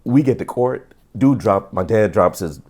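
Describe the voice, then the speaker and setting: A middle-aged man with a gravelly, fry-laden voice sitting low in his range. He tells his story as a podcast guest, animated and acting out what others said, often stammering and restarting his sentences. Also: measured pace. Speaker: podcast guest, former police officer. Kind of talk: casual storytelling interview.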